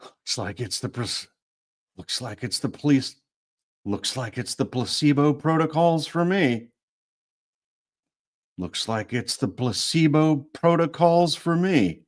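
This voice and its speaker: A man's voice: on the high side, lively intonation, slow pace, pauses often. A man reading a first-person audiobook narration, restarting phrases to retake lines.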